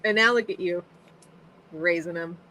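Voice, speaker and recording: A woman's voice: lowish voice, moderate pace, sharp tone, poor audio. A woman co-hosting a casual chat, jumping in with comments. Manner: chatty, jumps in with comments.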